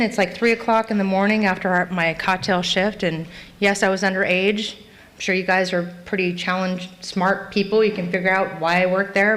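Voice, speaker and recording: A middle-aged woman from Los Angeles telling her personal story to a live meeting, candid and self-mocking, acting out past scenes in high voices. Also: a bit bright. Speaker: recovery meeting speaker. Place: meeting hall.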